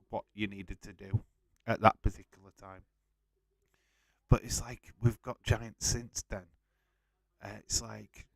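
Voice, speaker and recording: A man's voice: lowish voice, creaky, warm tone, no echo. A man hosting a live watch-along stream, chatting casually and bluntly, swearing and greeting viewers. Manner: blunt, swears freely, reads out viewer comments. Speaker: wrestling watch-along host.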